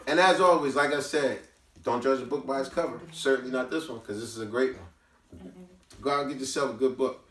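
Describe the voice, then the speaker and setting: A man's voice: mid-range voice, brisk, fairly bright tone. A man hosting a book review who tells a story casually, with emphatic, preachy asides to his listeners. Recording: roomy, from a distance.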